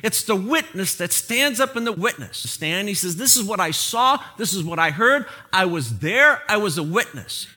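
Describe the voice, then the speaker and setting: A man's voice: high-pitched, moderate pace, hardly any pauses, breathy edge. A man preaching a sermon, opening in prayer and telling a humorous story before turning to the message. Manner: animated storytelling with prayer and jokes. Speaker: pastor.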